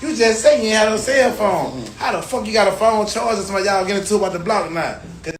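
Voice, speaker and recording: A man telling a story in a loud, animated rant full of cursing. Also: high voice, fast talker. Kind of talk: profane rant. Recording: echoey room, distant mic, faint noise.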